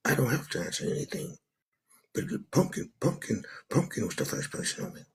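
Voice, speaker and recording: Very raspy, gravelly man with a lively pitch, dismissive and slangy in a debate. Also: a little fast. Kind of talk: heated online debate.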